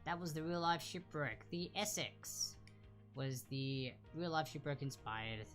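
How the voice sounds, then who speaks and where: A woman hosting a casual live online trivia quiz, chatting and repeating each answer slowly and clearly. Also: low voice, faint music behind.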